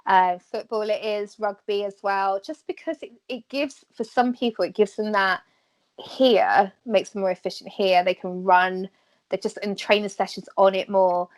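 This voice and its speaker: Animated woman guest in casual chat. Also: medium pitch, moderate pace. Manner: animated, acts out quoted exchanges with laughter. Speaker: podcast guest, former athlete.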